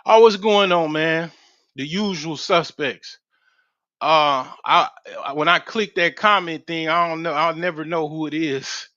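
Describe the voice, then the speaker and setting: A man's voice: a little high, a little slow, sharp tone, dry recording. A man in his forties telling a rambling, slangy story on a livestream, full of restarts and profanity. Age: 40s. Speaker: livestream host. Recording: slightly dull, dry lo-fi mic.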